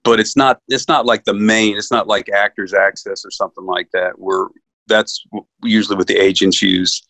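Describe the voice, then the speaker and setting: A man from New York, an actor, telling stories in a casual interview, acting out quotes with lively energy. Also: lowish voice, normal speed, no room sound. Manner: animated storyteller, acts out quotes. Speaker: actor guest.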